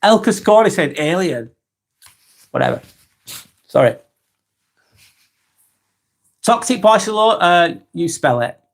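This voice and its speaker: A man in his forties with a Lancashire accent, hosting a calm live vlog and reading comments while he has a cold. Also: on the high side. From East Lancashire, England. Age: 40s. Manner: unhurried, reflective, musing aloud with tag questions.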